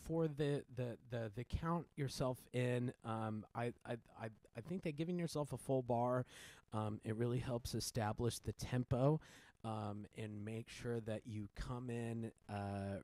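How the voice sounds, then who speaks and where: A man explaining his piano piece in a casual tutorial, relaxed, with many fillers and restarts, counting beats aloud. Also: mid-range voice, no echo. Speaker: piano teacher and composer.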